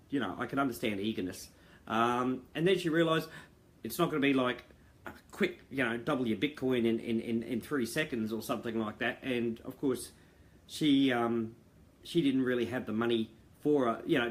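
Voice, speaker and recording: A middle-aged man talking earnestly to members on a video call, rambling with fillers and restarts. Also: medium pitch. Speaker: founder addressing members. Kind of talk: casual monologue to viewers. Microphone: video call mic.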